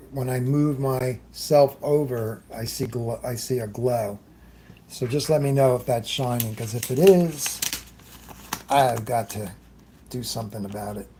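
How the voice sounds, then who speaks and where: An airbrush artist hosts a livestream demonstration, chatting loosely while he works, greeting viewers, and often trailing off mid-thought. His medium-pitched voice is a little mellow, with a slight hiss or hum in the audio.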